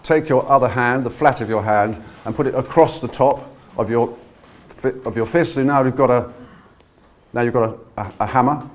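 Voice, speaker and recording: A man leading a voice workshop, coaching a live audience through breathing exercises in an energetic, encouraging way. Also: medium pitch, moderate pace. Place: conference room with a live audience. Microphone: no handheld mic, projecting to the room.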